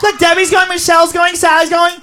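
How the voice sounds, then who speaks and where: A woman doing a shrill, pushy party-girl friend. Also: level tone, brisk, fairly bright tone, some chatter behind.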